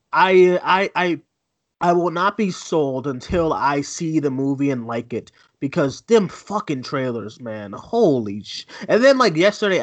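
A man co-hosting a movie news chat, excitable and swearing freely, full of stammered restarts. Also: mid-range voice, no room sound. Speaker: co-host of a movie news show.

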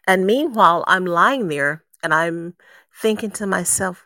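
Low-voiced woman giving an earnest testimony. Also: takes it slowly, sharp tone, dry recording, studio quality. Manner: earnest, emotional storytelling with emphatic repetition. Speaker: guest sharing a faith testimony. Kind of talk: personal testimony.

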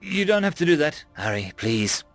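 A man voicing an earnest, gentle young woman student who speaks politely and reassuringly in a storybook reading. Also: a little high, very animated, normal speed, creaky, no room sound, soft background music, pitched above the performer's own voice.

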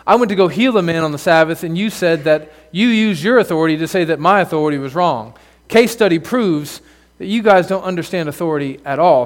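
Male pastor, high-pitched voice, earnest, direct sermon delivery. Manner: earnest, direct, addresses children in the pews. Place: church sanctuary.

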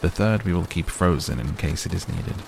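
A man's voice: deep voice, expressive, moderate pace, creaky. A man voicing a methodical, matter-of-fact father. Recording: noisy recording.

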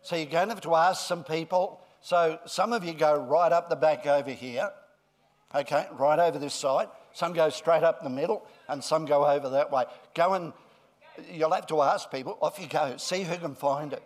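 A middle-aged male pastor giving a friendly children's talk, then a deliberate sermon. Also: fairly high pitch.

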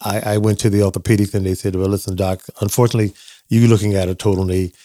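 A man's voice: fairly low pitch, level tone, quick pace, mellow, no room sound. An older man telling family stories as a podcast guest, reflective and acting out remembered dialogue. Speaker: guest, dentist father of the host. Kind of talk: casual storytelling in a podcast interview.

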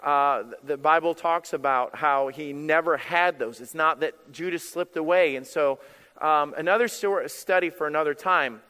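Male pastor, lively sermon storyteller, voice on the high side, long hall echo. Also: normal speed, clear, resonant tone. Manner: animated storytelling with quoted dialogue.

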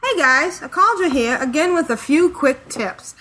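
A woman's voice: sits high, lively intonation, moderate pace, bright, forceful tone, poor audio. A woman co-hosting a gaming podcast, reading listener emails in an easygoing, laughing manner. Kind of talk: casual podcast chat.

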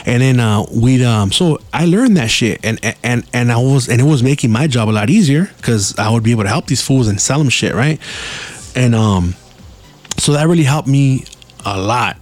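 A man's voice: mid-range voice, animated, normal speed. A man, hosting a podcast and telling casual, profane stories with Spanish slang mixed in. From Mexican-American. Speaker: podcast host. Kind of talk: casual storytelling.

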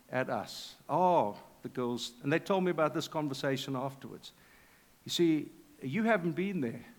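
Middle-aged man, pastor, lively conversational sermon, slightly high voice, long hall reverb. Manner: animated, conversational preaching with asides to the congregation. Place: church hall.

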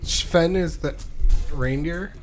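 A man's voice: fairly high pitch, takes it slowly, over music. A man co-hosting a podcast over drinks, cracking crude jokes and laughing often. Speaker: podcast co-host. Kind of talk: casual chat while drinking.

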